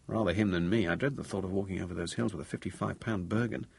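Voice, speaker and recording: A man voicing a brisk, sympathetic male army friend who talks in a breezy, inquisitive way. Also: low-pitched, steady tone, gravelly, darkish tone, slightly rough, heavily acted.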